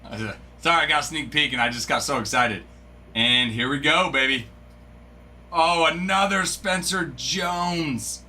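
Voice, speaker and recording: A man hosts a live card-opening stream, and his talk is chatty and excitable, with sudden yells of delight. His voice sits a bit high and sounds very bright and sharp. He takes his time between his words. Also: unhurried, a little hiss or hum. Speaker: host of a live sports card break stream.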